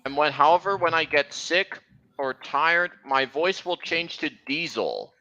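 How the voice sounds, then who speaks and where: A male streamer chats casually on a livestream. His voice is bright and sits a little high, and he rambles with halting restarts. The audio is dull and lo-fi. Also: very animated. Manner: rambling, halting, corrects himself.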